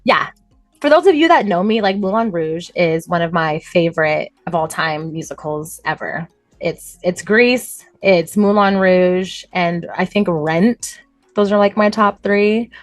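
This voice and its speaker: Woman, podcast host, casual chat, animated storyteller, laughs often, dry close sound. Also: on the low side, measured pace, dry recording, faint music behind.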